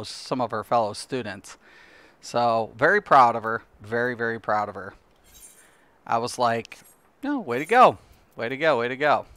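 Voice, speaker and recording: A man's voice: medium pitch, a bit bright, smooth, no room sound. A middle-aged man streaming a game, chatting casually and rambling with lots of "you know" fillers. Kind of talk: casual chat while gaming on stream.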